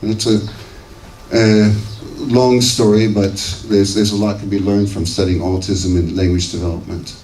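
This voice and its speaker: A man's voice: lowish voice, level tone, moderate pace, a little mellow. A man in his sixties from the United States, giving a conversational conference lecture and checking in with his audience with "okay" and "right". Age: 60s. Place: lecture hall. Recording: echoey hall, distant mic, faint hiss.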